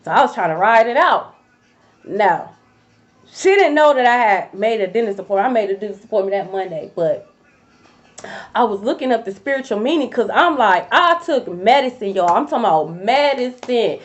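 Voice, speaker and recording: A woman who reads tarot, telling a story to her viewers in a blunt, profane, animated way, addressing them as y'all. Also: medium pitch, normal speed. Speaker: tarot reader. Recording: dull lo-fi recording.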